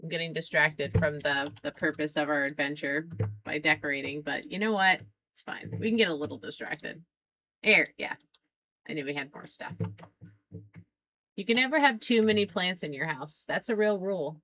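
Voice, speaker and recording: A woman's voice: low-pitched, moderate pace, bright, forceful tone. A woman streaming a game live, chatting with her viewers in a playful, teasing way and laughing often. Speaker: streamer playing a farming game.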